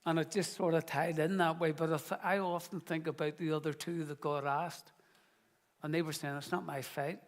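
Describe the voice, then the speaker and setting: A man's voice: on the high side, little pitch movement, moderate pace, big-room sound. A middle-aged man, the founding pastor of his church, preaching in an earnest, conversational way and telling stories. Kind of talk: sermon.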